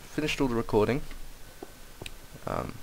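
A man's voice: mid-range voice, unhurried, gravelly, background noise. A young man casually commenting on a game he is playing, rambling and distracted, often swearing and exclaiming. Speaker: Let's Play commentator.

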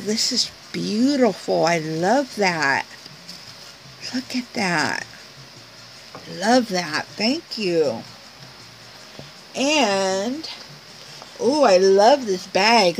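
A woman's voice: medium pitch, slight background noise, rough recording. A woman chatting casually as she unboxes a package on camera, gushing over each item and talking to the sender. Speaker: craft vlogger opening mail.

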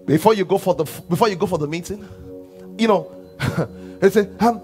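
A Nigerian pastor with a high, bright voice preaches a sermon to his church. He poses questions and answers them, dropping to hushed asides and then rising to shouts, while faint music plays underneath. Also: normal speed, pauses often.

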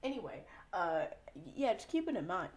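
A woman's voice: medium pitch, very animated, moderate pace. A young woman streaming casually, rambling, giggling often and swearing a lot as she chats to viewers. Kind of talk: casual live-stream chat.

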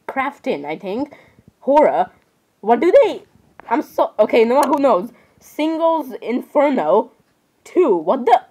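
Woman vlogger, a little high-pitched, rambling and giggly, constantly apologizing. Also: mellow, rough recording. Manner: rambling, keeps apologizing, giggly, says "literally" often. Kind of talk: casual screen-browsing commentary.

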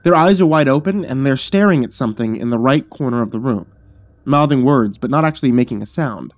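A man reading a first-person horror story aloud in a measured, hushed storytelling manner that drops low at tense moments. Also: lively intonation, no room sound.

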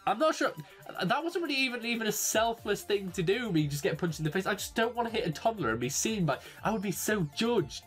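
A young man from England with an English accent, chatting casually and jokily to camera as a YouTuber, rambling and quick to exclaim. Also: high voice, very animated, fairly bright tone, soft background music. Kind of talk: casual solo commentary. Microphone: desk microphone.

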